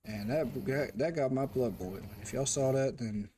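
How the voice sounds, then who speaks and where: Man gamer, mid-pitched, chatty and rambling, talks to the game as he plays, steady noise behind. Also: normal speed. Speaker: game reviewer and streamer. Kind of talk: casual commentary while playing.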